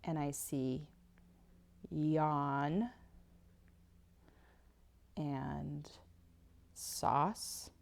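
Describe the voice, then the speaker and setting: A woman's voice: low voice, fairly even intonation, gravelly, darkish tone. A woman teaching a phonics lesson over slides, patiently sounding out each word. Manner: slow, patient, sounds words out. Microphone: tablet whiteboard recording.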